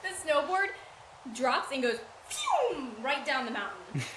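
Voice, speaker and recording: A woman's voice: sits high, wildly swooping pitch, unhurried. A young woman narrating as game master of a tabletop game, playful and giggly as she describes events. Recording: roomy echo, faint noise.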